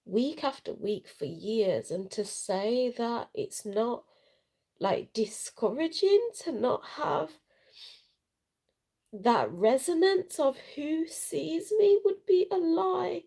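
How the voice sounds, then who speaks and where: A woman's voice: sits high, animated, slow, gravelly, mellow, husky. A woman chatting on a casual live video, tearful and frank, rambling with slang and swearing while she cries. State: crying. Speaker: vlogger. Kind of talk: emotional casual live chat. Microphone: self-recorded at home without sound check.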